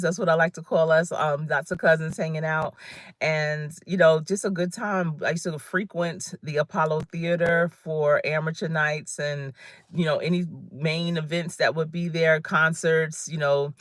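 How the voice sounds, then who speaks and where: A middle-aged career coach with a lingering New Jersey accent hosts a casual livestream, chatting loosely and warmly, laughing often, and reading viewer comments aloud. Her deep voice has fairly even intonation at a normal speed, captured close and dry with no room sound.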